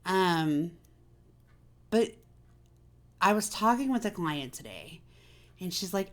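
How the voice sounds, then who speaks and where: A woman's voice: medium pitch, animated, unhurried, pauses often. A woman hosting a casual personal chat, talking candidly and confidingly with many fillers. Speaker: vlog host.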